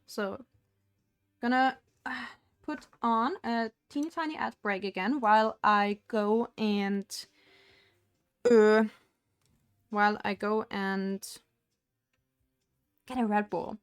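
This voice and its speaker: A woman's voice: medium pitch, slow pace, long pauses, clean tone, no room sound. Chatty woman streamer, dry close sound. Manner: rambling, chatty, laughs often. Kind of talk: casual live-stream chat. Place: home streaming setup.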